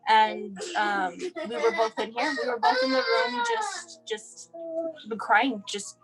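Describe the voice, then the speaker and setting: A woman's voice: on the high side, animated, slow, over loud music, poor audio. A young woman from El Paso, Texas, telling her child's story in an interview, acting out the dialogue with many restarts. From El Paso, Texas, USA. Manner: emotional, acts out quoted dialogue, frequent restarts.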